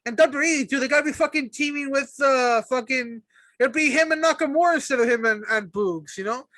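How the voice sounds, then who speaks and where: A young man co-hosting a casual wrestling podcast, talking excitedly, swearing often and acting out quotes. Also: extremely high pitch, fairly quick, no room sound. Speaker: podcast co-host.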